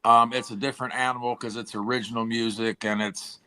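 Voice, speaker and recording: Forties musician guest, hoarse and throat-clearing, bright edgy tone, rambling chat style. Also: male voice, mid-range voice, little pitch movement, fairly quick. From Tennessee, US. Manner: rambling, says "like" and "dude" a lot. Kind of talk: casual interview chat.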